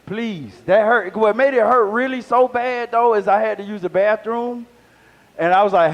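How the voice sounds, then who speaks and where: Older male comic with a high voice, loose and rambling live set, chuckling through his punchlines. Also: normal speed, highs cut off. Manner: rambling, playful, laughs at own jokes. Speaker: stand-up comedian, guest. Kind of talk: live stand-up comedy. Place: live comedy venue with audience.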